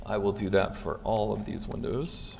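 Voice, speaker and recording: A man's voice: on the low side, fairly even intonation, moderate pace, vocal fry, a little mellow, in a large hall, slight background noise. A man giving a technical conference talk with live demos, casual and loose, with frequent fillers and restarts. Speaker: conference speaker. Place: conference hall.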